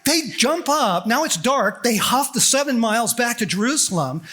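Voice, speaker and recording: High, bright-voiced animated preacher man. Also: normal speed. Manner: animated and joking, acting out quotes. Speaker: conference speaker. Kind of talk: storytelling sermon.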